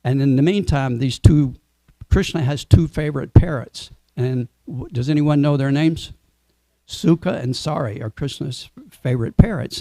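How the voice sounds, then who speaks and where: A man telling a devotional story as a sermon, in a relaxed way and asking the audience questions. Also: medium pitch, dry recording. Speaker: speaker at a temple Sunday program.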